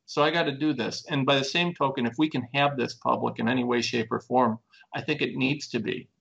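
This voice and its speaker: Earnest man with a gravelly voice. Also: fairly even intonation, fairly quick, a bit bright, muffled recording. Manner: earnest, emphatic, building to raised pitch. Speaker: plaintiff in a lawsuit. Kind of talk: conversational interview talk.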